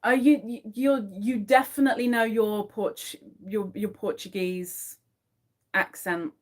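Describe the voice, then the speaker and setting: Slow, chatty woman crocheting on a livestream. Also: mid-range voice, fairly even intonation. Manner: chatty, murmurs stitch counts under her breath. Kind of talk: casual chat to a live audience while crocheting.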